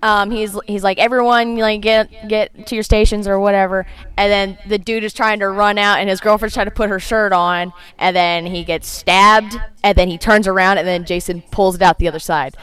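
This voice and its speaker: A woman co-hosting a casual podcast, recapping a horror movie with giggly, quick asides. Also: medium pitch, fairly even intonation, a bit bright, smooth. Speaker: podcast co-host.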